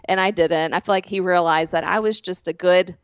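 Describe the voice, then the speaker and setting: A woman's voice: fairly low pitch, fairly even intonation, brisk, clean tone, no echo, dull audio. Woman telling a rambling story, dry sound. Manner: rambling, self-correcting storyteller. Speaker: podcast co-host. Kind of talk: casual storytelling chat.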